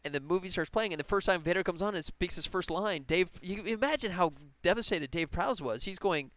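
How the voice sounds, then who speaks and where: Chatty man streaming, smooth dry voice. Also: sits high, expressive, fairly quick, fairly bright tone, no room sound. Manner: rambling, enthusiastic, laughs often. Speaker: game developer streamer. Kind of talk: casual live stream chat.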